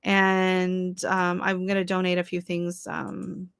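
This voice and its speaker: A woman's voice: lowish voice, completely flat delivery, slow pace, a bit bright, smooth, no echo. A woman hosting a casual livestream from home, chatting and laughing as she greets viewers and answers their comments. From Canada. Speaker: livestream host.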